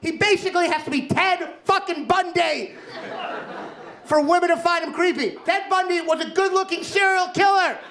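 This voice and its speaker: A young man from Kentucky performing a stand-up set in a comedy club, animated and punching up his lines with loud exclaimed bursts. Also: extremely high pitch, moderate pace. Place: comedy club with laughing audience. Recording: roomy club with crowd laughter.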